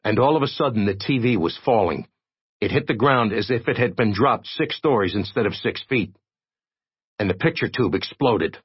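A man narrating an audiobook with expressive, steady storytelling. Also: fairly low pitch, moderate pace, breathy edge, dry recording, highs cut off.

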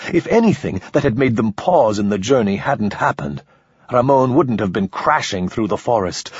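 A man reading a novel aloud in scripted, steady narration. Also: on the low side, slightly rough, no room sound. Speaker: audiobook narrator. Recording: slightly dull lo-fi recording.

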